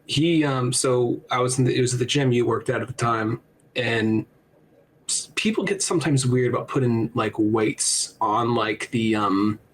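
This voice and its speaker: A man's voice: mid-range voice, measured pace, slight background noise, low-quality recording. A man co-hosting a casual podcast, telling stories in a profane way with frequent restarts. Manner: profane storytelling with restarts and laughs. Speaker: podcast co-host.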